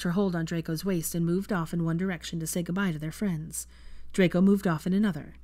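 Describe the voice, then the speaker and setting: Fanfic reader narrating a chapter, calm steady voice, mid pitch, dead dry sound. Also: a little fast, dry recording. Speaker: fan fiction reader. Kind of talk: reading a novel aloud.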